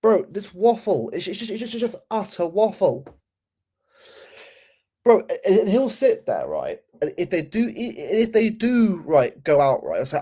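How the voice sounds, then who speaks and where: A man's voice: high voice, very animated, a little slow, warm tone, breathy edge. A young man giving a heated, sweary football rant, often repeating and restarting his words. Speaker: football channel host.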